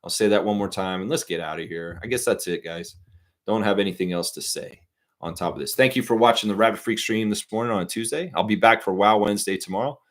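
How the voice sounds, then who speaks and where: A man's voice: on the low side, fast. Chatty male live-stream host. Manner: chatty, reads chat aloud, sings snatches of songs. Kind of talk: casual live-stream chat.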